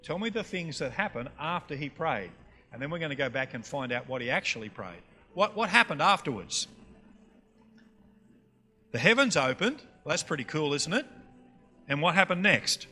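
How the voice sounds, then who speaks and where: A man's voice: a little high, sing-song, normal speed, long pauses, pushed and bright. A man with a North Queensland Australian accent, preaching a teaching session and quizzing the audience with questions. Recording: long hall reverb, faint music.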